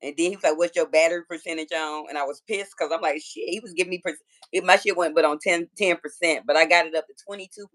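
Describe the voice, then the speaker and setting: A woman's voice: fairly low pitch, fast talker, a bit bright. A woman in her thirties from Georgia with a Southern accent, chatting casually and profanely with viewers on a phone livestream. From Georgia, USA. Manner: chatty, profane, talks straight to her chat. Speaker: livestream host.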